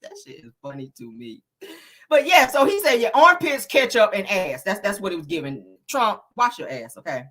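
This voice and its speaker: A woman's voice: mid-range voice, moderate pace. A woman hosting a casual celebrity gossip show, sassy and profane, laughing often and talking straight to her viewers. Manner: animated, dramatic emphasis.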